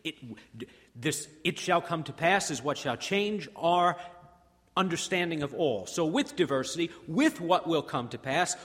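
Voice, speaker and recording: A man's voice: fairly high pitch, lively intonation, unhurried. Preaching man in a reverberant hall. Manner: emphatic preaching, swinging between hushed and rousing; repetitive rhetorical build-ups. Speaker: pastor. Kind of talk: sermon.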